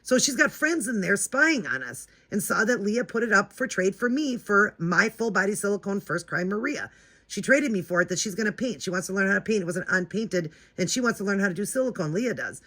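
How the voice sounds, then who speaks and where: A woman's voice: medium pitch, expressive, fairly quick, fairly bright tone. A woman hosting her own vlog, telling a story in a chatty, indignant way and talking straight to her viewers. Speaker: doll-collecting channel host.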